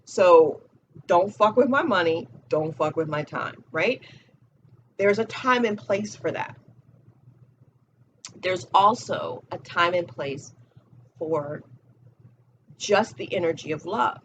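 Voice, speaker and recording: Slow, blunt woman giving profane pep talk. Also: lowish voice, expressive, fairly bright tone, muffled recording, a little hiss or hum. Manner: blunt, profane, repeats key phrases. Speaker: spiritual coach. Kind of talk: casual motivational talk to camera.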